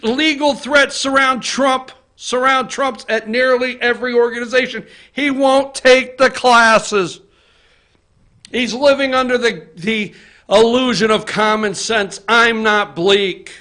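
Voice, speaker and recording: A man hosting a political opinion show from an office, talking to the camera in a fired-up, profane rant and often shouting. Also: very high-pitched, steady tone, measured pace. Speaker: host. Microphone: facing camera.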